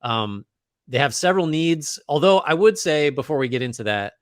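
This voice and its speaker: A man with a slightly high voice and lively intonation co-hosts a casual basketball podcast at a moderate pace. He analyzes out loud, frequently restarting and using fillers, in clean studio sound with no room noise.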